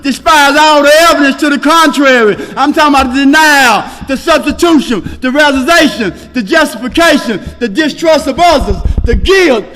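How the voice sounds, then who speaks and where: Man preaching his recovery story. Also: extremely high pitch. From Texas. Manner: preaching, rhythmic lists, shouts and laughs early, quiet and hushed later. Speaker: recovery meeting speaker. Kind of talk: personal testimony at a speaker meeting. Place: meeting hall. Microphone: podium microphone. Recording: hall reverb, faint noise.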